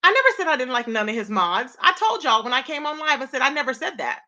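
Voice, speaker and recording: Woman live-streamer, high and bright, sassy straight-talking host addressing chat. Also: expressive, fast talker, highs cut off. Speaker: livestream host. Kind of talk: casual live-stream commentary.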